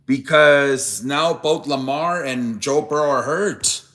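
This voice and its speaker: This young male sports-show host speaks slowly in a fairly high, somewhat bright voice. He chats casually with his live-stream viewers, wandering off-topic and cursing when he gets heated.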